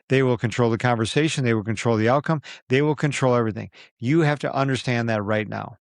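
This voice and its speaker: A man speaks straight to the listener in a motivational talk, pressing his points with emphatic repetition like a coach. His voice sits at an ordinary middle pitch. It is recorded close to the mic in a dry room with no echo. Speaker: podcast host.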